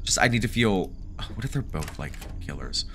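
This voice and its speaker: A man giving jokey, animated let's play commentary, reacting aloud and talking back to game characters. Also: on the low side, moderate pace, gravelly, slight background noise. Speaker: gaming video creator.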